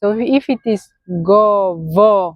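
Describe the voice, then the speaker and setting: A woman's voice: medium pitch, normal speed, no echo, dull audio. A woman with a Bulgarian accent teaching a grammar lesson in English, patiently checking in with "okay?". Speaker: language teacher.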